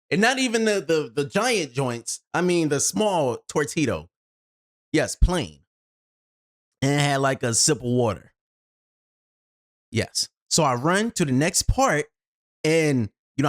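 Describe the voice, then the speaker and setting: Recorded in a home studio with a shotgun microphone, a video host tells an expressive personal story. They play out their own reactions, swinging from loud outbursts down to low asides.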